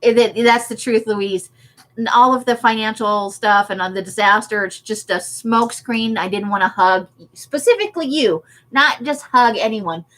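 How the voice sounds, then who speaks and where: A woman's voice: a little high, normal speed, a bit bright. A woman chatting casually on a craft livestream, laughing often as she answers viewer comments. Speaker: livestream host.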